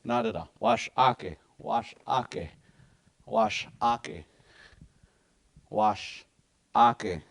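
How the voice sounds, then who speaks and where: A middle-aged man teaching a language class in a relaxed, chatty way. He slowly repeats words for the learners to practice. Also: lowish voice. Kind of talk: casual language lesson.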